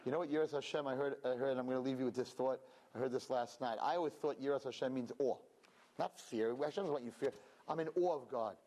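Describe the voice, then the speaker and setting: A man, a rabbi, giving an animated and emphatic sermon in which he acts out quoted speech. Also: medium pitch, quick pace. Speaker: rabbi preaching.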